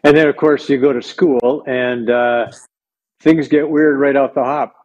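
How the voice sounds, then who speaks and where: A man's voice: medium pitch, fairly even intonation, unhurried, a little mellow. Male interviewer, slightly dull audio. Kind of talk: interview questions.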